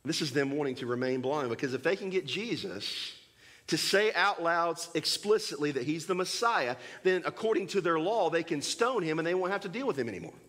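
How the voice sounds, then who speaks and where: Animated high-voiced male preacher. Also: brisk. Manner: animated, joking, acts out scenes. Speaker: pastor. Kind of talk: sermon. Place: church sanctuary.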